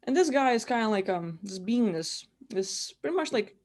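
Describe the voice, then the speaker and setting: A woman's voice: on the high side, lively intonation, moderate pace, darkish tone. A woman giving casual guided spiritual instruction from her room, rambling and filling her talk with "like". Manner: rambling, heavy use of "like". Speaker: spiritual teacher.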